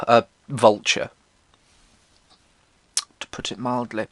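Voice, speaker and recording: Sweary man, lively storytelling. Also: normal speed, pauses often, dry recording. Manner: sweary, irreverent, self-mocking; acts out quotes in jumpy pitch. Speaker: podcast host. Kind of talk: comedic personal storytelling.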